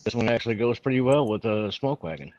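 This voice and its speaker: A man's voice: medium pitch, animated, quick pace, darkish tone, dry recording, dull audio. A plain-spoken man chatting unhurriedly as a guest on a tasting stream over a video call. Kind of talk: casual chat.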